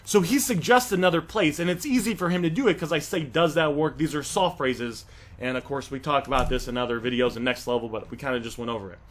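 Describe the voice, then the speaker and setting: A man explains his deal-making process in a casual instructional video for resellers, addressing viewers head-on and dramatizing the text messages he reads out. He speaks quickly in a voice on the high side.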